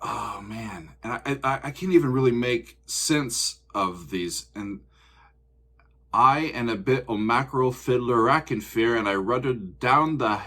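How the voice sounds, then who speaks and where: A man's voice: medium pitch, measured pace, a bit bright. A man, hosting a casual music reaction video, chatty and joking, often laughing.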